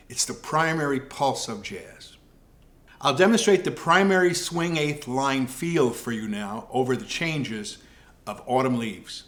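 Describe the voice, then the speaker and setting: A man teaching jazz piano improvisation, explaining in a calm, measured way. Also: mid-range voice. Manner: calm, measured explaining with scat syllables and counting. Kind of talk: music lesson explanation.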